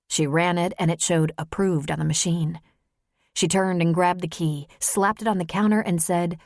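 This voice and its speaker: A woman narrating an audiobook in a tense, measured storytelling voice. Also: on the low side, steady tone, vocal fry, a little mellow, dry recording, studio quality. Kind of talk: scripted narration.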